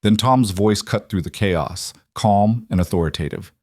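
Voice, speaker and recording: A man narrating a western story in a brisk, dramatic style. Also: on the low side, darkish tone, dry recording, studio quality.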